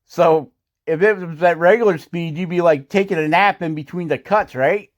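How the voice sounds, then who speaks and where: Chuckling, rambling woodcarving host. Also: male voice, on the high side, moderate pace. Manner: rambling, chuckling, self-deprecating. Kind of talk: casual how-to voice-over.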